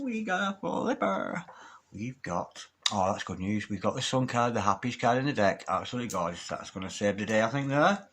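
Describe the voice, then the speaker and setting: A tarot reader speaks to camera in a lowish, sing-song voice at a normal pace, chanting repeated invocations as he reads the cards. He's affectionate, calling his listeners darling, and there's noise in the background.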